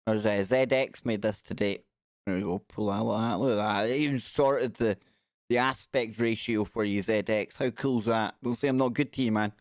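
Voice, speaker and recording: A man's voice: fairly low pitch, steady tone, normal speed, dry recording, clean studio sound. A man hosting a casual live stream, chatty and jokey, giggling as he reads out news. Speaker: radio show host.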